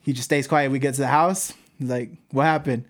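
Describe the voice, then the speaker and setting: A man's voice: medium pitch, a little fast. A man from Southern California telling a school story in casual, swear-heavy chat, laughing as he goes. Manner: animated, laughs through stories, heavy swearing.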